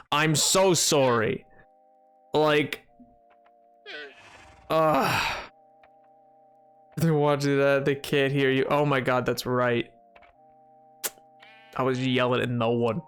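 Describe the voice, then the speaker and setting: A live streamer playing a game, joking with chat in a loose, excitable way, jumping from loud outbursts to low mutters. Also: takes it slowly, pauses often, clear, resonant tone, faint music behind. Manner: excitable, bantering with chat, jumping between yelling and mumbling. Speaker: livestreamer playing a video game. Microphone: desk mic.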